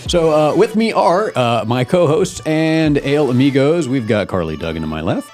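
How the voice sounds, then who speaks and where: A man's voice: on the high side, normal speed, faint music behind. A man hosting a casual beer podcast, talking with a congested allergy voice and telling jokes and stories. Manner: animated, joking storyteller. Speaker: podcast host.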